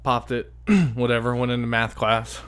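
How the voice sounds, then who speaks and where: A man's voice: medium pitch, fairly even intonation, normal speed, smooth. A man telling a long story in a casual, rambling way, swearing a lot and saying "dude" and "like" constantly. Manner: rambling, profane, lots of fillers like "dude" and "like".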